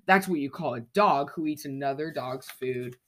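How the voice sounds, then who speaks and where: A storyteller voicing an eager, take-charge male dog in a children's storybook, in a brisk way. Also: medium pitch, fairly bright tone, lightly acted.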